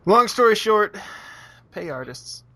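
A man's voice: sits high, big pitch swings, takes it slowly, sharp tone, no echo. A man co-hosting a casual podcast, joking and sarcastic, slipping into quoted voices. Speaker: podcast co-host.

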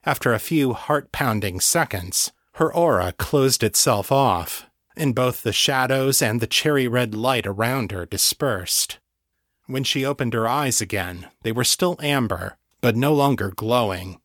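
A man reading a story aloud in a steady, measured scripted narration. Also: medium pitch, no room sound, clean studio sound. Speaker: audiobook narrator.

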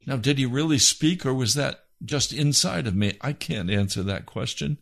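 A man's voice: mid-range voice, normal speed, creaky, few pauses. A man preaching a testimony sermon, impassioned, his voice rising to cries at moments.

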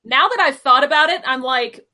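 A woman's voice: sits high, normal speed, bright, forceful tone. A woman co-hosting a podcast, chatting casually and firing off questions from a list. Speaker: podcast co-host. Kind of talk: casual chat.

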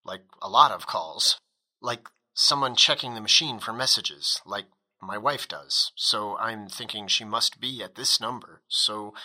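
A hesitant husband leaves a halting, apologetic phone message, as a man plays him. His voice is bright and forward in tone. He sounds unsure of every word. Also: on the low side, low-quality recording. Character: quiet, hesitant married man calling a stranger.

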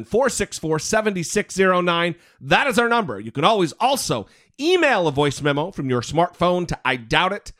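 A man co-hosting a casual podcast, joking and swearing freely. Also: sits high. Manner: profane, joking, animated. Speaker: podcast co-host.

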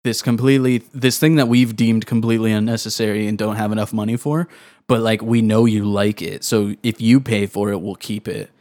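A man's voice: on the low side, level tone, brisk, a little mellow. A man co-hosting a casual podcast, blunt and opinionated with loose, sweary talk. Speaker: podcast co-host.

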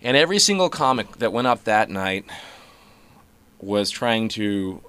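Animated man with a low voice. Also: unhurried, clean tone. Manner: animated, shifts pace and loudness to illustrate rhythm; profane, conversational. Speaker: guest comedian and musician. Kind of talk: casual podcast conversation.

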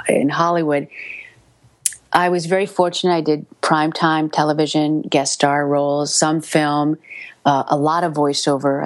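Lively middle-aged woman telling stories. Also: sits low, no echo. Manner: lively, laughing storyteller who repeats words when excited. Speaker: voice actor guest. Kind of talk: casual interview storytelling.

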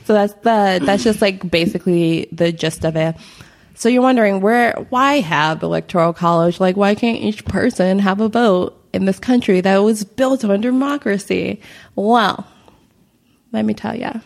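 A woman's voice: mid-range voice, moderate pace, gravelly. A woman co-hosting a podcast, explaining history in a rambling casual chat with many fillers and frequent laughter. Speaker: podcast co-host.

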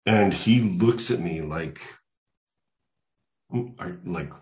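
An older man telling a personal story in conversation, lively as he slips into other people's voices. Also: low voice, extremely slow. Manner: animated storyteller who acts out quoted voices. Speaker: guest. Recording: echoey room.

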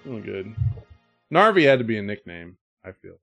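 A man with an animated, swinging voice jokes and curses his way through quiz guesses in casual podcast banter. His voice is dry and close with no room sound. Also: on the low side, quick pace, no echo, soft background music. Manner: joking, swearing, lively banter.

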